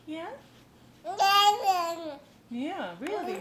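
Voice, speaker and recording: A mother talking baby talk to her infant at home, sing-song and cooing, with frequent soft laughs. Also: sits high, big pitch swings, slow pace, long pauses. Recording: echoey room with background noise.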